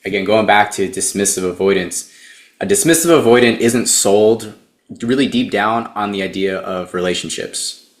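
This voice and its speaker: A man, a therapist and dating coach, who speaks as an interview guest in a measured way and explains things step by step. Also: on the low side, fairly even intonation, roomy sound.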